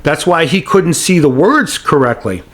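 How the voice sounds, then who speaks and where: A man, a guest actor on a podcast, telling anecdotes in a casual, animated way and leaning often on "you know". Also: a little high, moderate pace.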